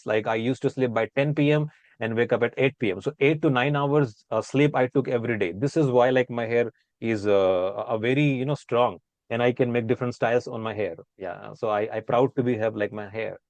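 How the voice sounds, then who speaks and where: A man with an Indian accent explains how words are pronounced, saying example words again and again to make each sound clear. His voice sits at an ordinary middle pitch. The sound is dry and close, with no room echo. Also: brisk, darkish tone, lo-fi sound. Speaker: guest speaker on accents. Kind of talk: casual explanatory chat.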